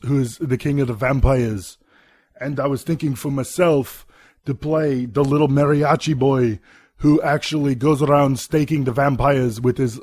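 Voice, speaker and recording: A man's voice: mid-range voice, a little mellow, husky, no room sound, natural voice. A man doing a comic impression of a self-important Austrian action-star governor, boasting in a thick put-on Austrian accent. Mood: boastful. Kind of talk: comedy sketch monologue.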